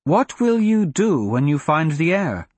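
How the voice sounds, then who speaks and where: A man reading an audiobook, voicing a spirited, sharp-tongued young princess with a sarcastic, defiant manner. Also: fairly high pitch, big pitch swings, measured pace, husky, dry recording, pitched above the performer's own voice, heavily acted. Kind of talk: audiobook character voice.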